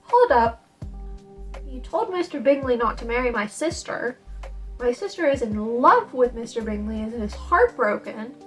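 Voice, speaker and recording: A woman's voice: a little high, lively intonation, normal speed, a bit bright, soft background music. A woman voicing an indignant young lady. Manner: outraged, emphatic. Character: indignant young woman scolding a proud suitor.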